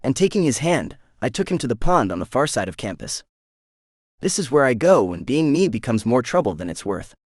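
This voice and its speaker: A male narrator telling a first-person romance with expressive, animated delivery. His pitch travels widely through each line, and the recording is dry and close. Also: brisk, no room sound. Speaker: audiobook narrator.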